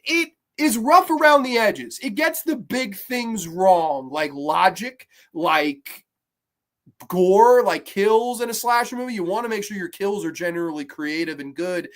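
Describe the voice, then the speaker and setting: A man hosting a horror movie review show, talking casually, swearing often and acting out scenes as he rambles through the plot. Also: high voice. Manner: animated, swears often, acts out scenes in quotes; rambling with restarts and asides. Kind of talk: casual film review podcast.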